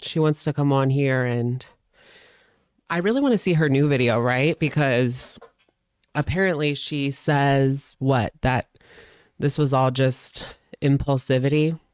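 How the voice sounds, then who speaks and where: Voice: mid-range voice, unhurried, smooth, no room sound, clean studio sound. A host doing gossip reaction commentary, snarky and sarcastic about the clips being watched.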